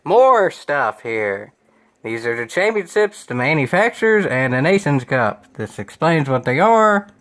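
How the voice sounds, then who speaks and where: A man's voice: fairly high pitch, big pitch swings, a little slow, fairly bright tone. A young man reading a web page aloud and commenting on it in a sarcastic, exasperated, rambling way. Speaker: gaming video creator.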